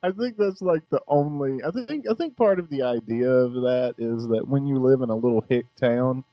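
A man's voice: medium pitch, moderate pace, dry recording, lo-fi sound. A middle-aged man hosting a casual podcast chat, laid-back and profane, laughing often. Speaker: podcast host.

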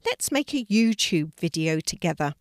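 A woman's voice: fairly low pitch, big pitch swings, moderate pace, no echo, clean studio sound. An older woman reading a storybook, voicing an eager young schoolgirl who hates being left out, chirpy in tone.

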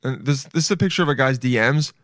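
A man's voice: mid-range voice, fast talker, fairly bright tone, no echo, studio quality. A man hosting a podcast, riffing in casual comedic commentary, rambling, swearing and calling the listeners "dude". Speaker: podcast host.

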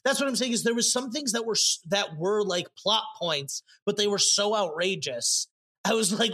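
A man co-hosting a casual podcast chat, animated and swearing, acting out lines as he reviews a show. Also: high-pitched, normal speed. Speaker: podcast co-host.

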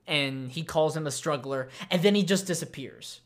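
A podcast co-host chats casually about an anime, rambling with lots of fillers and restarts. His voice is fairly high and a bit bright, moving at a normal speed with few pauses.

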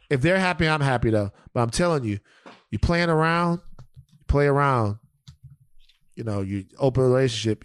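A man co-hosting a podcast, riffing with profane, animated comic storytelling in casual banter. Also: mid-range voice, dry recording, studio quality. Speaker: podcast co-host.

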